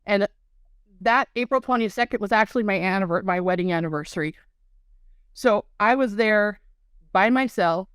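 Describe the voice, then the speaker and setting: Woman, interview guest, earnest personal storytelling, smooth voice, dry close sound. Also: medium pitch, moderate pace, pauses often, a bit bright, dry recording. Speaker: dental implant patient guest.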